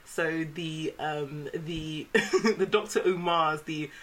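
A woman co-hosting a podcast, chatting casually and telling animated stories with bursts of laughter. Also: deep voice, slow, over a noisy crowd. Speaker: podcast co-host. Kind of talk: casual chat.

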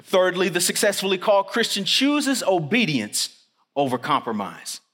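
A man delivers a sermon in an earnest, emphatic way, slowing down on the lines he wants to stress. His voice sits a little high for a man. The sound rings with the long reverb of a chapel hall. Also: big pitch swings, a bit bright. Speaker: chapel preacher.

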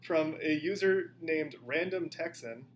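A man's voice: on the high side, measured pace, slight background noise. Playful man reading reviews aloud. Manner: playful, laughs while reading. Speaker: podcast host running a guessing game.

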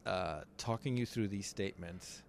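A man co-hosting a casual podcast, thoughtfully explaining ideas step by step with small pauses and fillers. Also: low-pitched, slight background noise. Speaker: podcast co-host.

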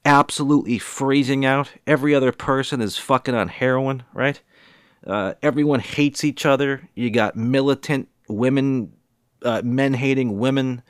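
A man's voice: medium pitch, moderate pace, smooth, no echo, studio quality. Profane, heated man in his forties ranting. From New England, USA. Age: 40s. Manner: heated, profane, rambling and repetitive. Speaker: vlogger.

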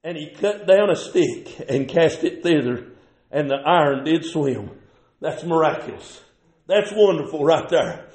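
Shouting preacher in a roomy church. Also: male voice, on the high side, animated, measured pace. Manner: shouts and sings out lines in a preaching cadence. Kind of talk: sermon. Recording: roomy distant church recording.

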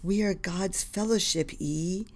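A woman's voice: lowish voice, a little slow, voice pushed up. A woman reading the lines of a devoted male general in love, earnest and reverent in manner. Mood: tender.

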